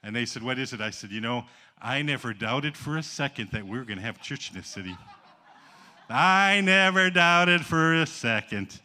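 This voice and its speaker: An older man preaching from a church stage, his voice strikingly bright and forceful at a middling pitch. He acts out every quote as he tells the story and breaks into laughter at his own tales. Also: fast talker. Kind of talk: storytelling sermon. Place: church auditorium.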